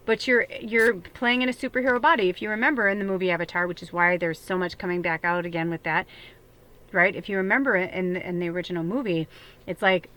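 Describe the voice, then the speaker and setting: A woman's voice: lowish voice, fairly even intonation, fast, fairly bright tone, a little hiss or hum. A woman giving a casual spiritual tarot reading, chatty and rambling, with many fillers and an occasional swear. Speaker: tarot reader.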